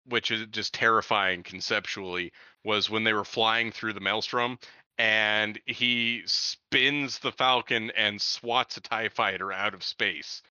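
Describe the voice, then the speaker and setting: An enthusiastic man with a fairly low, very bright voice talks through a casual film discussion and often laughs between points. His voice sounds dry and a bit dull on a lo-fi recording. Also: steady tone, slow, clean tone, dry recording.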